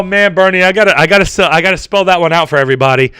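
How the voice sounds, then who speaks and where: A young man chatting casually in a vlog, reading out viewer comments in a rambling, profane, animated way. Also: a little high, fast, smooth, dry recording, studio quality. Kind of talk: casual chat.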